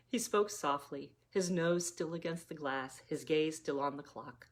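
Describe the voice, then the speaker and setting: A woman reading her own novella aloud, gently, like a mother reading a story to her children. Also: low voice, unhurried, few pauses.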